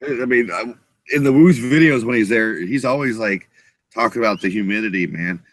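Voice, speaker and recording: Man, laid-back slangy chat, mid-pitched voice, dry close sound. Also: moderate pace, a bit bright, no echo. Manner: laid-back, says dude and man a lot. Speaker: show co-host. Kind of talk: casual chat.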